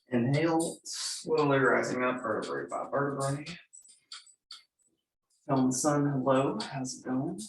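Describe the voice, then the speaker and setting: Calm man in his thirties leading yoga. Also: mid-range voice, a little hiss or hum. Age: 30s. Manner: calm, gentle cueing with light self-deprecating asides. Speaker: yoga instructor. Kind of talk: guided yoga class. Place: church room. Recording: roomy, from far off the mic.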